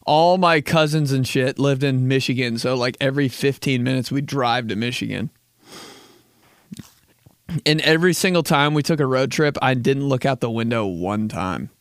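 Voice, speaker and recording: A man's voice: medium pitch, moderate pace, no echo, studio quality. A young man hosting a casual comedy podcast, rambling with frequent laughs, swearing and bursts of silly put-on voices. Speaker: podcast host.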